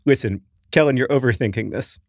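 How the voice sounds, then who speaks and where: A man's voice: medium pitch, a little fast, vocal fry, no room sound, clean studio sound. A man in his forties, groggy after anesthesia, co-hosting a podcast as a rambling, self-deprecating storyteller. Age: 40s. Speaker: podcast co-host. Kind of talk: casual chat.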